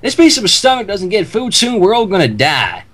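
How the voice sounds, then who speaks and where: A man's voice: sits high, wildly swooping pitch, fairly quick, a bit bright, voice pushed up, heavily acted. A man voicing a brash, crude redneck man who cracks rude jokes. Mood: rowdy.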